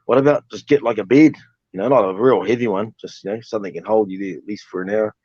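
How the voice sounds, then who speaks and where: A man's voice: lowish voice, fast, a little mellow, breathy edge, dry recording. A man from New Zealand with a New Zealand accent, a stand-up comedian rambling in a casual live-stream chat, laughing often and swearing freely, heard through a cheap phone. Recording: dull lo-fi cheap phone audio.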